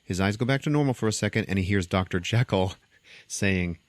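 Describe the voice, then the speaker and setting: A deep-voiced man tells a movie plot in a loose, comedic way and acts out the characters. He is recorded close and dry, with no room sound. His delivery is animated and conversational. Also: a little fast, no echo. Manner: animated storytelling, acting out scenes. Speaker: podcast host. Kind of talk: casual comedic movie recap.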